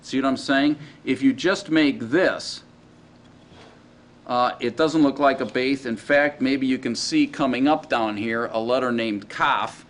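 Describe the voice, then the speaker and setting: A man teaching a class in a casual, halting way, often checking in with his students. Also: medium pitch. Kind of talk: classroom lecture.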